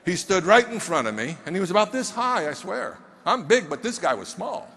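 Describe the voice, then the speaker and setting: A man giving an animated motivational speech from a stage, emphatic and firing questions at the audience. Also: sits high, fairly quick, slight background noise. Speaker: motivational speaker. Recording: long hall reverb on stage.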